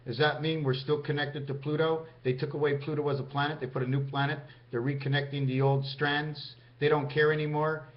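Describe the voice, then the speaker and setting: A man's voice: on the high side, flat delivery, a little fast, hardly any pauses. A man talking in a meandering vlog monologue, counting out numbers and speaking directly to his viewers. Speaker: vlogger. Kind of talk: rambling numerology monologue to camera. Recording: dull lo-fi sound.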